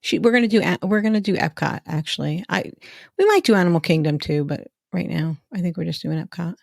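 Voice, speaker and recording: A woman's voice: lowish voice, fairly quick, creaky, dry recording, studio quality. Chatty woman podcast co-host. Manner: chatty, animated storyteller, laughs often. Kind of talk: casual chat.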